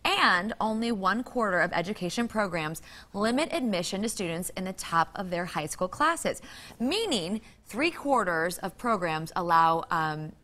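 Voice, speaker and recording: A woman's voice: medium pitch, animated. A woman co-hosting a live morning TV show in a studio, reading news and laughing with her partner. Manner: bright, giggly, reads news briskly.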